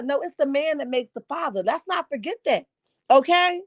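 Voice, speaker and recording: A woman's voice: sits high, expressive, brisk, no echo, clean studio sound. A woman hosting a casual live commentary stream from home, sassy and emphatic, often asking "right?". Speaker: livestream host.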